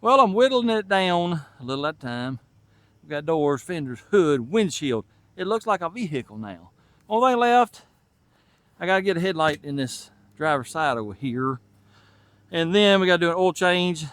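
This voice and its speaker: A man's voice: fairly high pitch, very animated, normal speed, a bit bright, no echo. A man with a Southern US accent, talking casually to the camera while fixing an old truck in a garage and thinking aloud as he works. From Tennessee. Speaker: channel host and mechanic.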